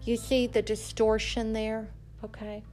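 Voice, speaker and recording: A woman's voice: fairly high pitch, level tone, a little slow, a little mellow, soft background music. A woman hosting a faith podcast, telling a story and preaching in an emphatic, conversational way. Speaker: podcast host.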